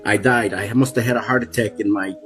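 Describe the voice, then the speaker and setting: A man's voice: fairly low pitch, fairly even intonation, brisk, a bit bright, soft background music. A man in his forties telling a personal testimony in an emphatic way that keeps repeating itself. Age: 40s. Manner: emphatic, repetitive storytelling. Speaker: guest giving a testimony.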